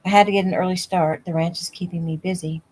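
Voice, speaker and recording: A woman's voice: on the low side, steady tone, fast talker, darkish tone, breathy edge, rough recording. A woman reading the lines of an easygoing, teasing young rancher man, in a casual audiobook reading at home. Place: home room.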